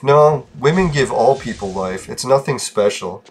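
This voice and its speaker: A man's voice: mid-range voice, a little fast, hardly any pauses. A man podcasting alone, venting bitterly in a casual, profane rant. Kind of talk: casual ranting monologue.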